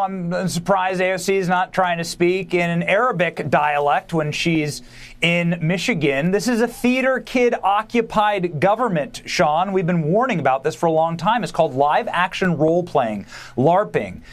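High-voiced man making emphatic commentary. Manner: emphatic, preachy and fast-talking. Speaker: podcast host and guest commentator. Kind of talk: political commentary.

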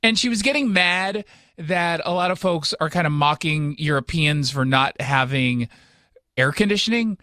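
A man's voice: on the high side, expressive, normal speed, bright, forceful tone, dry recording, studio quality. An American man hosting a casual commentary chat, wry and sarcastic in his delivery. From United States.

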